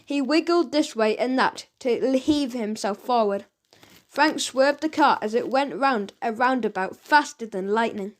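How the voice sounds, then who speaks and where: A woman reads a children's audiobook aloud, lively and expressive, with a high voice. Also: unhurried. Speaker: audiobook narrator.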